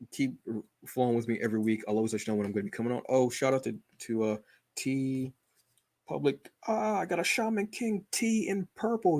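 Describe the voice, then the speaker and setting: A man chatting on his own stream in a loose, rambling, self-deprecating way. His mid-pitched voice has a gravelly edge. The sound is dry and close, with no room echo. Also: darkish tone. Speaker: channel host. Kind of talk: casual livestream chat.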